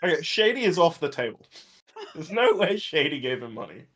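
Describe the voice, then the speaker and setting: Sarcastic player, dry teasing, lively pitch, casual banter. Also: fairly quick.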